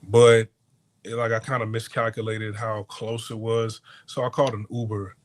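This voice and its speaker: A man's voice: on the low side, moderate pace, a little hiss or hum. A man hosting a casual podcast monologue, rambling through a story with frequent restarts and stammers, acting out the lines of the people he quotes. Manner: animated retelling with acted-out quotes. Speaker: podcast host. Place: hotel abroad.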